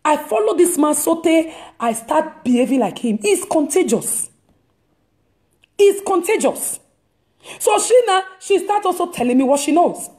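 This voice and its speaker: A woman preacher gives a casual testimony on a live stream, captured by the device's mic, in a high, warm, sing-song voice at a slightly slow pace. She tells her story emphatically, repeating words as she goes.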